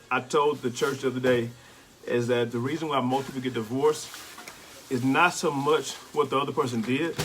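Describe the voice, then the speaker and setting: A middle-aged man, a bishop, giving plainspoken, relaxed marriage advice in casual conversation. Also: mid-range voice, a little hiss or hum. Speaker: bishop, co-host.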